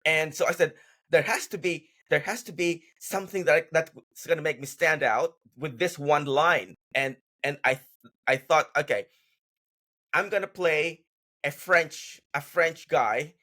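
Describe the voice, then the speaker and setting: A man with a bright, forceful voice that sits a little high for a man. He is a podcast guest telling stories in a loose, rambling way and restarting his sentences often. The talk is a casual, unscripted interview. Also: measured pace. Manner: rambling storyteller, many restarts. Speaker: guest actor. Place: podcast recording.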